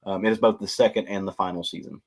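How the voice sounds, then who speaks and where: Low-voiced man rambling through a show pitch. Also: fairly even intonation, fast talker. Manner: rambling, many ums and uhs. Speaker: podcast co-host. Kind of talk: casual chat.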